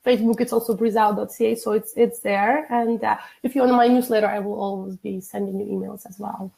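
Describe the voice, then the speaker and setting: Gravelly-voiced woman explaining tapping points. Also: medium pitch, steady tone, fairly quick, dark tone, rough recording. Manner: instructive, walks through tapping points step by step. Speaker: EFT tapping practitioner. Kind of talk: guest demonstrating a technique.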